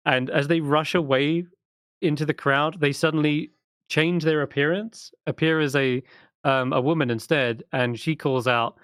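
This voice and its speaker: A man's voice: on the high side, steady tone, a bit bright, clean tone, no echo. Game master, male, casual narration, dry sound. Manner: casual, laughing, quick asides. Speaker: dungeon master.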